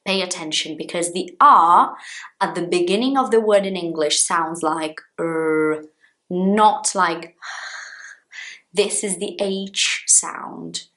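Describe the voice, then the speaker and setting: Slow, low-voiced Brazilian woman teaching. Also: sharp tone. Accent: Brazilian Portuguese. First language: Portuguese. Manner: slow, emphatic, demonstrating sounds. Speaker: English teacher. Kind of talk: pronunciation lesson to camera. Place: her home.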